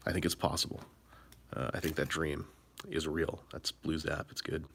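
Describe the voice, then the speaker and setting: A man chatting on a late-night live stream while opening card packs, rambling and low-key, keeping his excitement in check, from a hotel room. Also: normal speed, vocal fry, a little hiss or hum.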